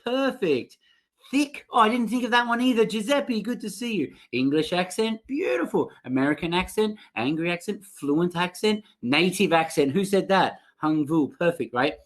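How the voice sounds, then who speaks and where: Man, teacher trainer, upbeat online webinar, reacts to viewer chat, a bit high voice, computer mic. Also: moderate pace, few pauses. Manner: upbeat, reacting to typed chat answers, lively asides.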